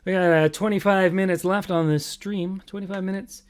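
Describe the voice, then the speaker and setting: In a home room, a male singer-songwriter livestreams with loud acoustic guitar, his high-pitched, smooth voice fairly even in intonation and moderate in pace. Between comic songs, he chats casually and makes self-deprecating remarks.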